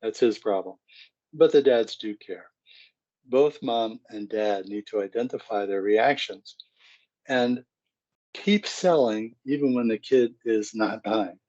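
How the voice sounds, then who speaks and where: Middle-aged man, low voice, conversational seminar speaker, dull lo-fi audio. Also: takes it slowly, a little mellow. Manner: conversational, acts out scenes. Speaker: psychologist speaking to parents. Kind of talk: parenting seminar talk.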